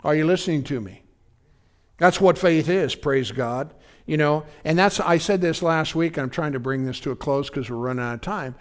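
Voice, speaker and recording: A man's voice: on the high side, normal speed. A man pastor giving a conversational sermon, often checking in with his congregation. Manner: conversational preaching, often asking the congregation if they follow.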